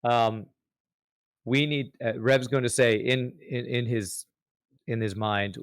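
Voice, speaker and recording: A man's voice: mid-range voice, fairly even intonation, slow pace, pauses often, clean tone, dry recording, clean studio sound. A man playing a tabletop game, talking casually and hesitantly with many restarts. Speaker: player.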